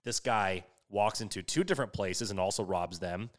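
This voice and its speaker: A young man telling a story in casual chat, animated, swearing freely and filling his talk with "like". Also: on the low side, moderate pace. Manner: animated, swears a lot, many fillers.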